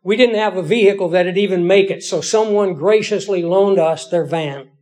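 A middle-aged male pastor with a high-pitched voice preaches a story from his own life. He keeps it folksy and conversational and pokes fun at himself. He talks to the congregation as if chatting with friends. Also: normal speed, darkish tone. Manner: conversational, folksy, self-deprecating. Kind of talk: storytelling sermon.

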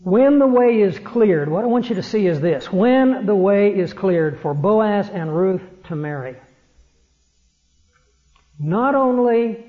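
A man preaching a sermon in an earnest way, slowing down to stress his points. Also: high-pitched. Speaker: pastor. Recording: dull lo-fi sermon recording.

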